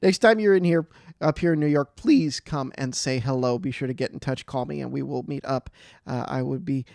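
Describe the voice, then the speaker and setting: A man hosting an interview podcast, thanking his guest and signing off in a relaxed, talkative way that sometimes loses its thread. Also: medium pitch, a little fast, creaky, dry recording, clean studio sound. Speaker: podcast host. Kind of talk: casual interview and sign-off.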